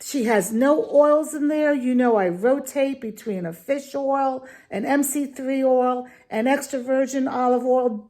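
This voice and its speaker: A woman's voice: high voice, unhurried, hardly any pauses, a little mellow. A woman giving an opinionated video review, talking in an indignant, emphatic, ranting way. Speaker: dog food reviewer.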